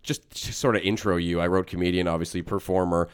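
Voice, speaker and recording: Low-voiced laid-back man. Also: fairly even intonation, fast talker, smooth, no echo, clean studio sound. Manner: laid-back, swears casually. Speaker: podcast host. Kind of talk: casual chat.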